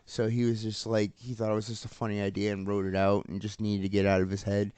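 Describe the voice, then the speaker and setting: A man co-hosting a casual pop-culture podcast, swearing freely and laughing as he excitedly retells scenes. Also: fairly low pitch, fast talker, smooth, no echo. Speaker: podcast co-host.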